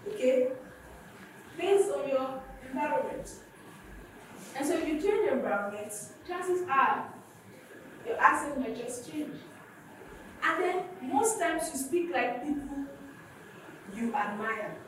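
A woman's voice: sits high, expressive, slow pace, long pauses, a little hiss or hum. A woman pastor preaching a sermon, calling out questions to her congregation and rising to emphatic peaks. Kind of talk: sermon with call and response. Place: church hall. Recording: echoey church hall from far off.

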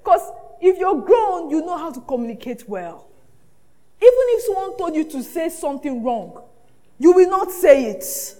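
A woman pastor preaching a sermon, lively and often laughing, acting out the voices she quotes. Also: very high-pitched, moderate pace.

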